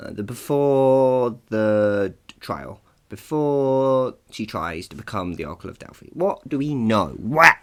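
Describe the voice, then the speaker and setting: A man hosting a casual solo podcast, chatty and rambling, laughing often and poking fun at himself. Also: lowish voice. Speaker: podcast host.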